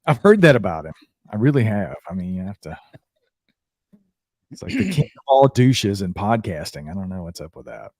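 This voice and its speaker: A man's voice: fairly low pitch, big pitch swings, normal speed, a little mellow, dry recording, clean studio sound. A man co-hosting a live podcast, wry and joking at his own expense. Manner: wry, self-mocking joking. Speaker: podcast co-host.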